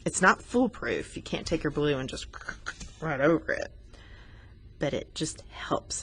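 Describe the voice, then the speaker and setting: A woman's voice: low-pitched, big pitch swings, unhurried, a bit bright, a little hiss or hum. A woman art teacher talking students through a coloring lesson, patient and explanatory, teasing herself now and then.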